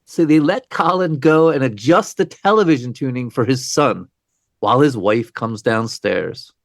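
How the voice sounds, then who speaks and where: A man's voice: mid-range voice, normal speed, dry recording, clean studio sound. A man co-hosting a true-crime podcast, telling the story with wry, conversational asides. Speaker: podcast co-host.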